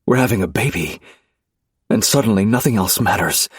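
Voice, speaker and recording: Man reading a romance audiobook low and intense, rough husky voice. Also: expressive, normal speed, no echo, clean studio sound. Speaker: audiobook narrator. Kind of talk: first-person romance audiobook narration.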